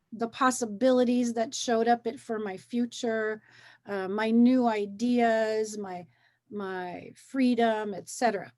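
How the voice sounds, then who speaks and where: A woman hosting a wellness conversation, coaching gently and encouragingly, often repeating phrases to make her point. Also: fairly high pitch. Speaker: wellness talk host.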